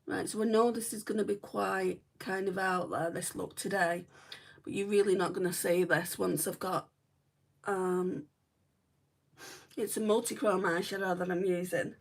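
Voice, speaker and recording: A woman's voice: mid-range voice, steady tone, normal speed, vocal fry, far from the mic. A woman from northwest England with a northern English accent, chatting casually through a makeup livestream, rambling with lots of "right" and "like". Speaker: beauty vlogger. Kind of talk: casual livestream chat while doing makeup.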